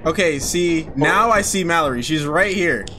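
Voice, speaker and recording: A man gaming casually with friends, excitable and yelling for help when panicked. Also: fairly high pitch, normal speed, noisy background. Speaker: gaming channel host.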